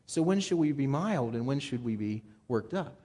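A man's voice: mid-range voice, normal speed, breathy edge. A man preaching a conversational sermon, getting fired up and talking plainly to his listeners. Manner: conversational and animated, gets fired up. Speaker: pastor.

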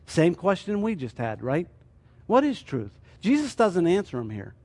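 A man's voice: high voice, huge pitch swings, moderate pace, darkish tone. A man teaching a sermon as a church teacher, explaining his points through rhetorical questions.

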